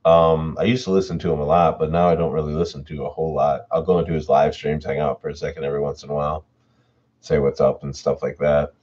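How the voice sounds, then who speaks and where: Man, horror narrator and stream host, extremely deep and husky, relaxed chatty delivery, dull lo-fi mic. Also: quick pace. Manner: relaxed and chatty, reads chat messages aloud. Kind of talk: reading stories aloud and chatting with viewers. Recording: dull lo-fi home audio.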